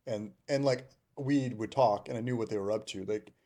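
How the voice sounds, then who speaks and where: A man, a Marine veteran, telling war stories in casual chat, animated and acting out the people he quotes. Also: fairly low pitch, moderate pace. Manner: animated, laughing, acts out quotes.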